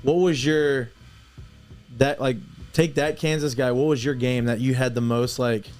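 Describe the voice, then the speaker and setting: A man's voice: mid-range voice, fairly even intonation, unhurried, a little mellow, soft background music. A man in casual sports chat who gives emphatic opinions and repeats his points.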